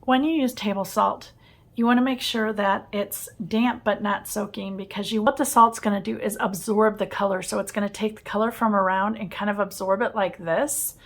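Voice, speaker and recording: A woman's voice: mid-range voice, fairly even intonation, moderate pace. Cheerful woman teaching watercolor painting. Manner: warm, enthusiastic, often laughing softly. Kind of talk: casual painting tutorial. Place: home art studio.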